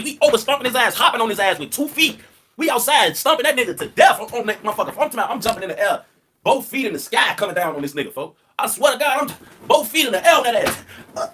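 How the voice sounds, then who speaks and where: High-voiced young man ranting. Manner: profane, animated storytelling, laughing often. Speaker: rapper on a livestream. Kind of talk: casual livestream rant.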